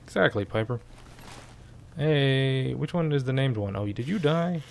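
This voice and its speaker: A man's voice: mid-range voice, animated, a little slow, gravelly, slight background noise. A young man giving chatty, casual gameplay commentary and swearing freely. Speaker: let's play host.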